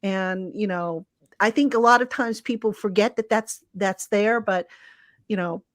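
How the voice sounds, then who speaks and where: A woman's voice: medium pitch, measured pace, no room sound, studio quality. A woman sports reporter talking casually on a live call, explaining things for listeners.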